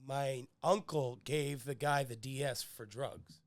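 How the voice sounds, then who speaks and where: A man's voice: medium pitch, steady tone, takes it slowly, dry recording. Young male podcast host, rambling crude storyteller, dry close mic. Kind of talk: casual podcast chat.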